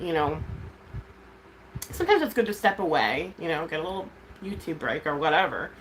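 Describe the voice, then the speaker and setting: A woman's voice: lowish voice, a bit bright, a little hiss or hum, poor audio. A woman chatting casually on a livestream as its host, rambling candidly about her kids and swearing freely.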